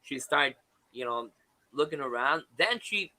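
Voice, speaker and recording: A man, a guest on a live panel, telling a personal story in a halting way with many restarts and fillers. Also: mid-range voice, animated, background noise.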